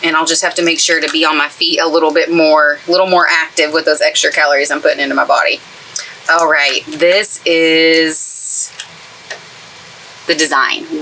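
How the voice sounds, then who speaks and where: A woman chats her way through a craft tutorial, gushing about everything she loves. Her voice is bright and forceful, sitting a little low. A faint hiss of background noise sits behind her. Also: rough recording. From East Texas. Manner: chatty, gushing and enthusiastic. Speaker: craft channel host. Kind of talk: casual craft tutorial chat. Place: craft space in a camper trailer.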